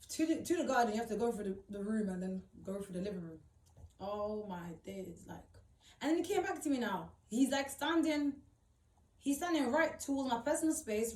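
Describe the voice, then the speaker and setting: Woman, echoey room. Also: fairly high pitch. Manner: emphatic, repetitive, swears freely, slangy. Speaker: storyteller. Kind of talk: casual storytime monologue. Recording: echoey room, distant mic.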